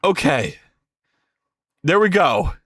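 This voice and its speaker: Guy livestreaming his game dev, pretty high bright voice, rambles and swears at his code, dry close sound. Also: sing-song, slow pace, vocal fry, slightly rough, no room sound. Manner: rambling, thinks aloud, swears, talks to chat. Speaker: streamer coding a game. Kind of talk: casual live-stream chat while coding.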